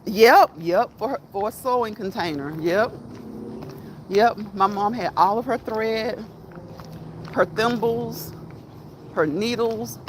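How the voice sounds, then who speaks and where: A woman's voice: medium pitch, poor audio. A middle-aged woman on a casual walk-and-talk livestream, rambling to her viewers as she walks down a street, recorded on a phone. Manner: rambling, chatty, talks straight to viewers. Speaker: vlogger reading live chat. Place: outdoors on a street with passing traffic. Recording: clear street noise and traffic.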